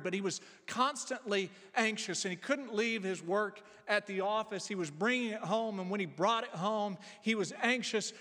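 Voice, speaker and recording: A man preaching a sermon as pastor, earnest, slowing and softening his voice on key phrases. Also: high voice. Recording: long reverb of a large hall.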